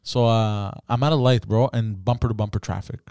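A man's voice: lowish voice, steady tone, brisk, smooth, dry recording. Profane man telling stories. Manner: profane storytelling, yelling in quoted outbursts. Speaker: podcast co-host. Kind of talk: casual chat.

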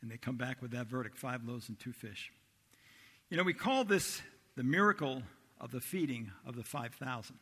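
A man preaching a sermon as a pastor, telling the story with animated voices for the disciples. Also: medium pitch, husky. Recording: long reverb of a large hall.

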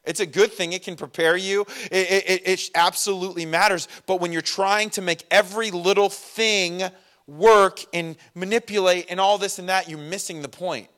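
A young man preaching a sermon in a casual, animated way, acting out quick voices of the people in his story. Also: high voice. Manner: animated, acts out voices of disciples and Jesus. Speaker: pastor.

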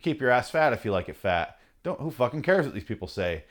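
Man, podcast host, angry comic rant, sarcastic, heavy swearing, mid-pitched voice. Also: sing-song, brisk. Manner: mocking put-on voices in quotes. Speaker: podcast host reading his rants.

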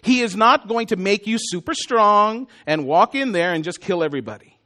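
A man's voice: sits high, lively intonation, moderate pace, bright, forceful tone. A man preaching a sermon in a conversational way, with self-deprecating jokes and asides to the congregation. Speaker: pastor.

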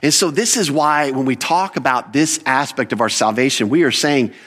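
A man preaching a sermon as pastor, with animated emphasis, rhetorical questions and quick self-corrections. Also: mid-range voice.

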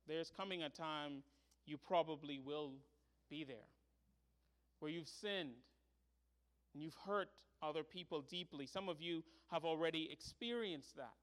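Male pastor, high-pitched voice, earnest sermon delivery building to emphatic peaks. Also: fairly bright tone. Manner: earnest preaching, rising to emphatic pleading.

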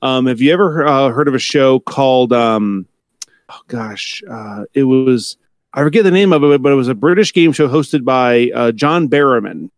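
A man's voice: mid-range voice, lively intonation, moderate pace, no echo, clean studio sound. Rambling, hesitant man in casual chat. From United States. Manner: rambling, self-correcting, hesitant with fillers. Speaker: podcast co-host.

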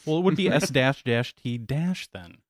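A man's voice: mid-range voice, normal speed, dry recording. A man hosting a casual podcast, joking, laughing often and reading out news items. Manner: jokey, laughs often, voice jumps up when excited. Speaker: podcast host.

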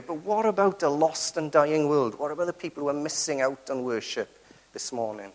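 A man's voice: a little high, a little fast. A man preaching a sermon, earnest and emphatic, who keeps turning to the congregation with rhetorical tag questions.

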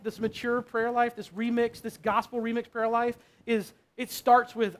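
A man's voice: sits high, steady tone, fairly quick, hardly any pauses, a bit bright. A male pastor preaching a sermon in a conversational way, often checking in with his listeners.

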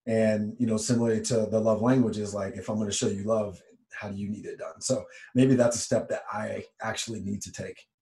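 A podcast co-host speaks earnestly and reflectively in conversational podcast talk, examining himself with frequent fillers. His voice is lowish and warm, with fairly even intonation and a fairly quick pace.

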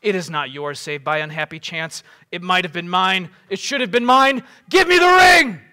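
A proud, desperate warrior hungry for power, read aloud by a man, with a bright, forceful voice pitched high and rising to furious shouts. He pushes every line with insistence. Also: moderate pace, full character voice. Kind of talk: dramatic reading aloud.

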